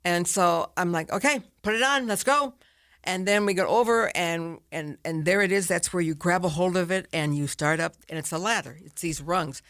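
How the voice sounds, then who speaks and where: A woman's voice: lowish voice, normal speed, fairly bright tone, no room sound, clean studio sound. An older woman, a guest author, telling a personal story in an interview and acting out her own past thoughts.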